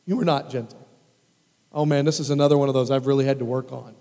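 A man preaching a sermon as a pastor, emphatic and animated, repeating phrases for weight. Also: fairly high pitch, fast, big-room sound.

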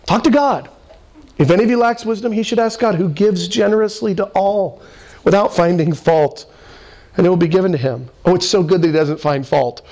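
A man preaching a sermon, animated, swinging his voice up for emphasis and acting out quoted voices. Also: high-pitched, a little fast. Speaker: pastor.

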